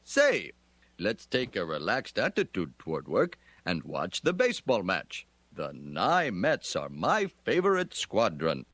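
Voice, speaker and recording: Cartoon indian shopkeeper with indian accent, trying way too hard to sound american, husky and low. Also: male voice, wildly swooping pitch, measured pace, fairly bright tone, dry recording, heavily acted. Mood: forced cheer. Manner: overdone cheerful slang, awkward phrasing. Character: Indian shopkeeper man forcing a folksy American voice.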